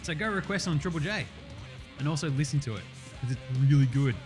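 Host: Australian man, loud and sweary, casual podcast chat, faint music bed. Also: a little high, animated, quick pace. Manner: loud, profane, joking.

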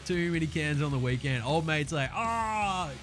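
A man with an Australian accent and a hoarse, sore throat, chatting casually as a podcast host and swearing freely. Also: fairly high pitch, fairly even intonation, soft background music. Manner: brisk, swearing, slangy chat.

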